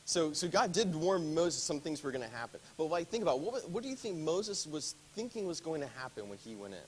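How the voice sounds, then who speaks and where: A man leading a casual Bible study, talking through the text with his class and stopping often to ask them questions. His voice sits a little higher than most men's and swings up and down with lively emphasis. A faint hiss runs under the recording. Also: brisk, rough recording. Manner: conversational, asks the class questions.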